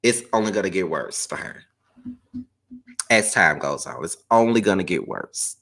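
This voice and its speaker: A man's voice: sits low, expressive, moderate pace, vocal fry, pushed and bright, breathy edge. A tired man hosting a live stream in casual chat, firm about the rules as he takes calls.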